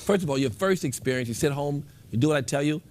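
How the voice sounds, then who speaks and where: A man guiding a group through a meditation, speaking in a relaxed, instructive way and repeating his phrases. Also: on the high side, quick pace. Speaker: meditation teacher. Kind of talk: guided meditation with a live group.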